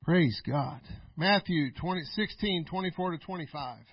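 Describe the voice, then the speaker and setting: A middle-aged male pastor preaching a folksy sermon, laughing often and swinging between loud and quiet. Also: on the high side, normal speed, husky, no echo, muffled recording.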